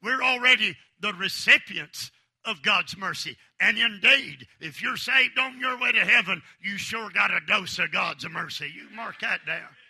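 This revival sermon comes from a man with a high, husky voice who goes a little slow. He shouts fervently, moves between loud and hushed delivery, and calls out for amens.

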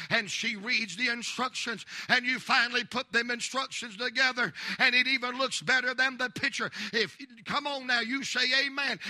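A preacher with a very high, sharp and bright voice delivers an impassioned sermon. He swings between folksy storytelling and rising, shouted declarations. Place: church.

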